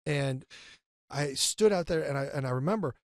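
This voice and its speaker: A middle-aged man telling an animated personal story as an interview guest. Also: fairly high pitch, normal speed, no echo, clean studio sound. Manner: animated, acts out his inner argument.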